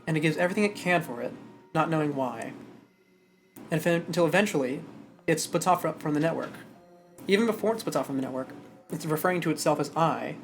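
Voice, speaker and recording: A male streamer who reads a story aloud and then chats about it in an animated way, now and then stumbling over his words. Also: a little high. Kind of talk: live stream chat and story reading.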